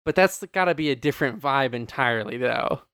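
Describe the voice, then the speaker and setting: A man's voice: mid-range voice, expressive, brisk, a bit bright, clear, resonant tone. A man co-hosting a podcast in casual chat, jokey and swearing, often laughing. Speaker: podcast co-host.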